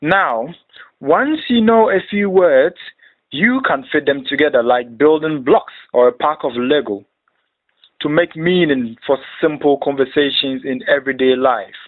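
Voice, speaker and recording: A man narrating a beginner language lesson, reading each phrase and repeating it slowly. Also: on the high side. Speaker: language teacher. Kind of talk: slow instructional narration. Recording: tinny phone-like sound.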